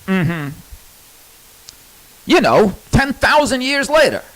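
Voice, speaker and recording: A man's voice: very high voice, very animated, slow, a bit bright, poor audio. A man telling a personal story in a candid, rambling monologue, cursing freely.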